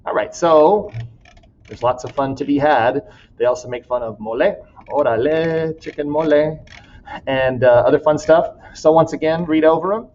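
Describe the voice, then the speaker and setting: A man's voice: a little high, normal speed, darkish tone, lo-fi sound. A man teaching a class in a recorded walkthrough, casual and laughing often as he reads student writing aloud.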